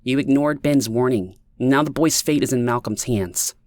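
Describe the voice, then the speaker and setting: A man's voice: medium pitch, normal speed, darkish tone, no echo, pitched above the performer's own voice, lightly acted. Brief: a man doing a curt, smug pregnant woman for an audiobook, slightly raised voice, dry sound. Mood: urgent. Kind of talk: audiobook character voice.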